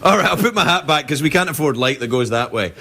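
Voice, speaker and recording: A man hosting a late-night talk show, cracking quick jokes and playful asides to a studio audience. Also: a little high, expressive, over music. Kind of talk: comedy monologue banter. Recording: studio audience laughter and noise.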